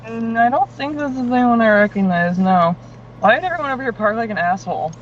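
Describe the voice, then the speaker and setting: A man's voice: extremely high pitch, animated, fast. A man chatting on a voice call while driving, talkative and joking, laughing often and swearing casually. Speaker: friend on a call. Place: in a car. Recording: muffled call audio with road noise.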